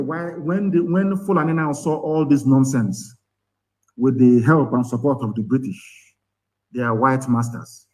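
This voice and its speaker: An activist leader with a Nigerian accent, whose first language is Igbo, speaks in a medium-pitched, darkish voice over a rough recording. His live broadcast is impassioned, angry and scornful, full of rhetorical questions.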